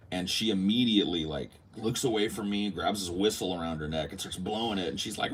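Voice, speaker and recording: Deep-voiced man telling a story casually. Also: moderate pace, slight background noise. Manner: animated, acts out quotes, swears freely. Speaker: podcast host.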